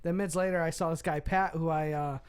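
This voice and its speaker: A man co-hosting a casual movie podcast, quick with laughing asides. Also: a little high, steady tone, clear, resonant tone. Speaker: podcast co-host. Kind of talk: casual chat.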